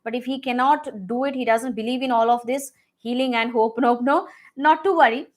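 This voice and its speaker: A woman coaching listeners through a healing prayer in a live Q&A, earnest and repetitive, with many fillers, dropping soft and low on the prayer words. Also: normal speed. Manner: drops soft and low when reciting the prayer. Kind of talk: live Q&A teaching.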